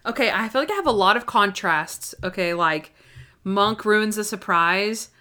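A woman's voice: mid-range voice, normal speed, pushed and bright. A young woman co-hosting a casual chat, talking enthusiastically and acting out scenes. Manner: chatty, enthusiastic, acts out scenes in quotes. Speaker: podcast co-host reviewing a TV episode.

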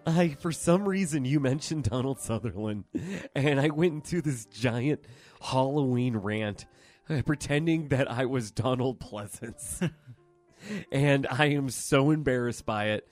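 A man's voice: mid-range voice, measured pace, a little mellow. A man co-hosting a podcast, chatting casually and poking fun at himself, with piano playing behind. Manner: self-mocking, laughing. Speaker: podcast co-host. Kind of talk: casual banter. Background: piano music.

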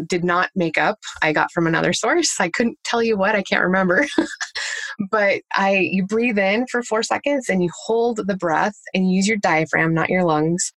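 A woman's voice: medium pitch, fairly bright tone, no echo. A woman working as a parenting coach, giving practical tips in an interview and walking through examples step by step. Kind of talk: conversational interview answers.

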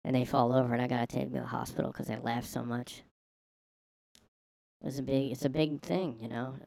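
A man's voice: medium pitch, fairly even intonation, a little fast, vocal fry, a little mellow, a little hiss or hum, close to an everyday voice. A man putting on the voice of a boastful older woman with a Southern accent who calls people hun. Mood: folksy boastful. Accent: American Southern, put on. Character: older Southern woman proud of her sticker wall.

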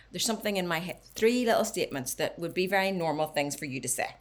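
Lady on a podcast coaching her friend, animated and a bit low-voiced. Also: fast. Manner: animated, advice-giving, dips to near whisper. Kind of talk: casual podcast chat.

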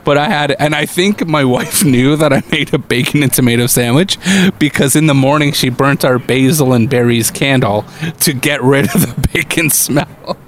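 A man's voice: medium pitch, normal speed, slight background noise. A middle-aged man, co-hosting a podcast in casual chat, telling a rambling story and laughing often. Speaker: podcast co-host.

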